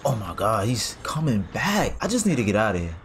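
A man's voice: lowish voice, very animated, brisk. A man commentating his horror game playthrough, reacting in panic with casual slang. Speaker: gaming streamer. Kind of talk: let's play commentary. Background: game music.

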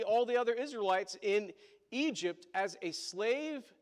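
High-voiced man preaching a chatty sermon. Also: in a large hall. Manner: chatty anecdotes with asides to the congregation. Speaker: pastor. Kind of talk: storytelling sermon.

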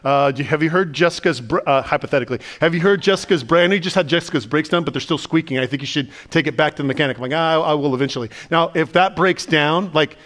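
A man, the pastor, preaching a sermon in a conversational, animated way and asking the listeners lots of questions. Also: fairly high pitch, fast, hardly any pauses. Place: church sanctuary.

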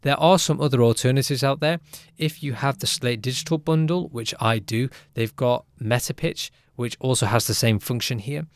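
Man, music producer, casual tutorial, chatty, upbeat, medium pitch, dry sound. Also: normal speed, dry recording. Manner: upbeat, chatty, often asks "right?".

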